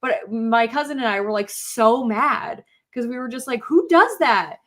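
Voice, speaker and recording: Woman, bright tense voice, animated, lots of fillers, casual chat. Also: on the high side, moderate pace. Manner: animated, many "like" fillers, acts out quotes. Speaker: podcast co-host.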